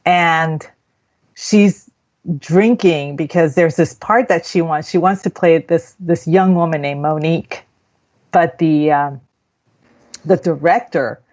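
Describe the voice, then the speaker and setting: A woman's voice: sits low, slow, a little mellow. A woman co-hosting a casual radio chat, telling a movie story in a rambling, chatty way. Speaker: radio co-host. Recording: dull lo-fi radio audio.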